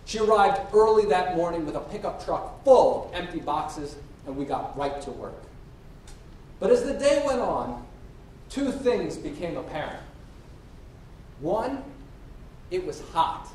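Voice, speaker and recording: Lively man telling a story in an echoey hall. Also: measured pace, long pauses. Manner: lively, acts out quoted dialogue. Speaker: speech contestant. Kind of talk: storytelling speech. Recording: echoey hall from far off with faint rumble.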